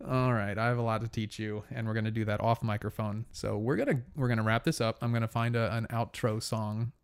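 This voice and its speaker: A man's voice: on the low side, fairly even intonation, fairly quick, clear, resonant tone. A man hosting a podcast in casual chat, rambling and teasing with many fillers and restarts. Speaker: podcast host.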